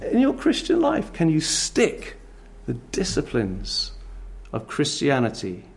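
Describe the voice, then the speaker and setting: Gravelly-voiced man preaching conversationally. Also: fairly high pitch, slow pace. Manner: conversational, animated, with rhetorical questions and playful voices for children. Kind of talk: sermon.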